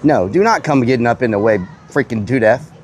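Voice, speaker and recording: A man with a medium-pitched, animated voice talks fairly quickly over slight background noise. He's hosting a livestream outdoors at a petting zoo in casual chatter, goofily teasing the animals and bleating at them.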